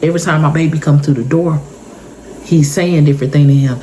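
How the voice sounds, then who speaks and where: A woman's voice: low-pitched, fairly even intonation, a little fast, warm tone, slight background noise, low-quality recording. A woman in her thirties, telling an intense personal story for her vlog in an emotional, repetitive way. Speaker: vlogger. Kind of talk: story time monologue.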